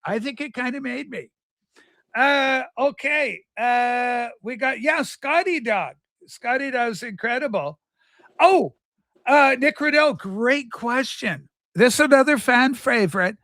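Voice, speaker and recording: A man's voice: very high-pitched, expressive, takes it slowly, a bit bright, dry recording, studio quality. A man hosting a livestream in a campy, rambling chat, telling stories in a flamboyant persona. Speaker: livestream host. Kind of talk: casual chat.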